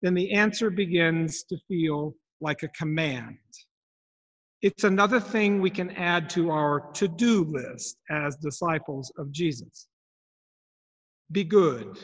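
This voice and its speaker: A man's voice: high voice, a bit bright, muffled recording. A man preaching a sermon in a reflective manner, asking his listeners many questions. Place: church. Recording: long church reverb.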